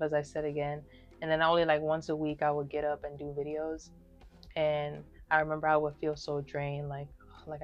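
Low-voiced young woman, earnest testimony. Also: lo-fi sound. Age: early 20s. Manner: emphatic, talks straight to viewers with many fillers. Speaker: vlogger sharing her testimony. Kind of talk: casual personal testimony.

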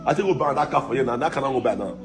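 A man's voice: mid-range voice, animated, very fast, lightly acted. A man playing a boastful young scammer in a comic skit, speaking with a Nigerian accent and taunting and threatening the woman he swindled. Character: boastful young male scammer who swindled his girlfriend. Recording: music playing under the voice. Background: music.

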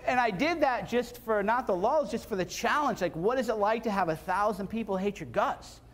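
A man's voice: high-pitched, normal speed, fairly bright tone. A man speaking casually and bluntly to a live seminar audience, repeating points for emphasis. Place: seminar room before an audience.

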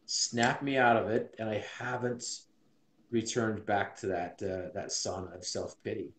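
A man's voice: fairly low pitch, level tone, measured pace, slight background noise. A man in his forties from Utah, earnestly and reflectively telling a personal story as an interview guest. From Utah, USA. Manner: earnest and reflective, many restarts. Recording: roomy echo.

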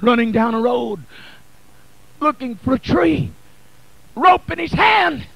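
Man, Pentecostal bishop, rhythmic shouted preaching, drawn-out slow phrases, very high voice. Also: expressive, vocal fry, breathy edge, no echo. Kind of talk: Pentecostal sermon. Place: church sanctuary. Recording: archival 1980 church recording, distant in spots.

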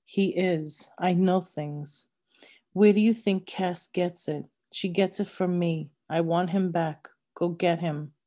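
Storybook role: a grief-crazed, cold, commanding mother, read by a woman, slow and low. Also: fairly even intonation, dark tone. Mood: desperate. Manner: harsh, cold insistence.

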